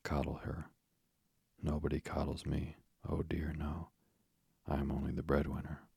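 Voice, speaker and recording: A man voicing a proud, self-pitying father in a bedtime storybook reading, in a very low, creaky, husky voice. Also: monotone, a little slow, a little mellow, dry recording, heavily acted. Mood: petulant. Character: blustering proud middle-aged father.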